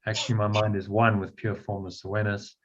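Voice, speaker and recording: A man's voice: lowish voice, level tone, fast talker, a little hiss or hum. A man leading a spiritual study group, explaining a text patiently and often repeating his words. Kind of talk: guiding a spiritual text discussion. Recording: dull lo-fi sound.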